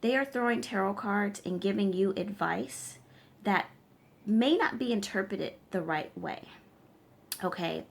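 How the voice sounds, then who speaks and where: Her voice sits on the low side and carries vocal fry. She's a tarot reader and spiritual practitioner who lectures her audience directly to camera with forceful advice, repeatedly checking in with them along the way.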